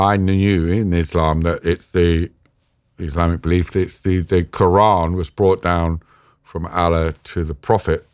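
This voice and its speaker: A British man, an interview guest, telling a personal story in a halting, emotional way, sometimes choked up. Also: rumbling low, no echo. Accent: British English. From Britain. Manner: halting, emotional retelling with restarts. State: choked up at times.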